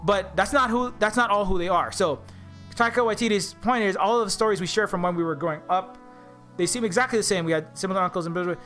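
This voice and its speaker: Brief: man with a high voice, indie game developer doing video commentary, faint music underneath. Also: fast, fairly bright tone. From Hawaii. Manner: earnest, rambling, often restarts mid-thought. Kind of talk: casual video commentary, reading quotes aloud.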